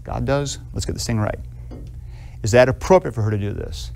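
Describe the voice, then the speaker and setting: A man teaching theology in a classroom lecture, animated and conversational, asking students questions and acting out little scenes. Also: medium pitch, a little fast, creaky. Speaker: theology professor.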